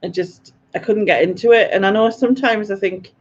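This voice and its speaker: A woman's voice: mid-range voice, steady tone, a little fast, breathy edge, dull audio. A woman hosting a live quiz stream, chatty and self-mocking, laughing often as she reads out viewer comments. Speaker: quiz host.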